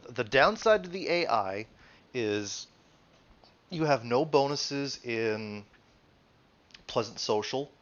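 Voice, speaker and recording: A man's voice: medium pitch, lo-fi sound. A man acting as game master, explaining tabletop rules in a rambling, casual way. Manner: rambling, many restarts and fillers, laughs often.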